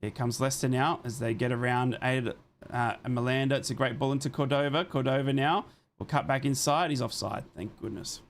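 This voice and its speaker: A man streams a live football watchalong in a loose, conversational way. He switches between calling the action on the pitch and answering viewers' comments, and he is quick to apologize when he thinks he has been too blunt. His voice sits at an ordinary middle pitch for a man. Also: steady tone. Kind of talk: casual live match commentary and chat.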